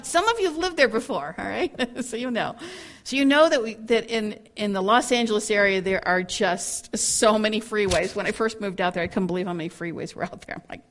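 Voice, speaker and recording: A woman's voice: medium pitch, normal speed. A woman speaking to a women's group in a Bible teaching, acting out angry people's words, laughing often and restarting her sentences. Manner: animated, acts out angry quotes, laughs often; repeats words when starting sentences.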